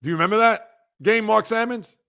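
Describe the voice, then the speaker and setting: A man's voice: high-pitched, brisk, vocal fry, fairly bright tone, smooth. A man hosting a sports livestream, chatting casually and teasing viewers as he reads and answers their comments. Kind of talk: casual live-chat banter.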